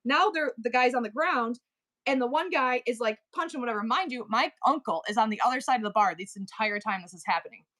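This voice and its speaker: A woman's voice: fairly high pitch, brisk. Chatty middle-aged woman, rambling storyteller. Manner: animated, rambling storyteller with many asides and restarts. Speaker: live-stream seller and host. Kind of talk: casual storytelling chat.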